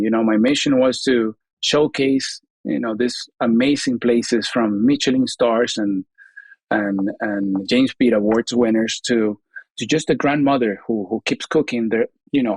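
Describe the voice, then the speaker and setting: A man's voice: mid-range voice, darkish tone, dry recording. Guy chatting as a guest chef, earnest, lots of you know, dry close mic. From Venezuela. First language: Spanish. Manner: earnest, repeats words, leans on "you know". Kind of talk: casual interview chat.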